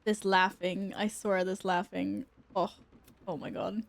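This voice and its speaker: Young woman streamer, easygoing slow talk, jokes back at the game. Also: mid-range voice, flat delivery, gravelly. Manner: chatty, easily amused, talks back to the game. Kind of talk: casual gameplay commentary.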